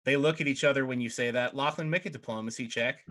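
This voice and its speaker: A man runs a tabletop game as dungeon master and narrates in an animated way. His voice is bright and clear, at a middle pitch. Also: quick pace. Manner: animated, laughs through narration.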